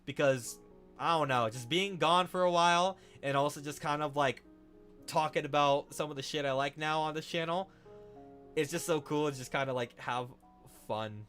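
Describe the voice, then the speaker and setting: A young man chatting casually to his live-stream chat while drawing, excitable and swearing often. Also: a little high, normal speed, faint music behind.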